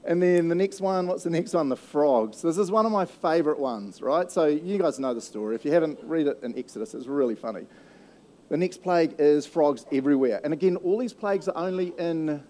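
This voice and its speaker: A jokey man preaches a laid-back sermon, slipping into quick voices for the people in the story. His voice sits a little high but sounds mellow and soft-edged. A faint room ambience hangs behind him. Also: a little hiss or hum. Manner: playful, jokey, acts out quoted voices. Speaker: pastor. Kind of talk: casual sermon.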